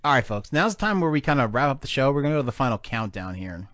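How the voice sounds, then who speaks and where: A man's voice: medium pitch, big pitch swings, fast, fairly bright tone. A man hosting a casual podcast chat, joking, laughing and swearing casually. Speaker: podcast host.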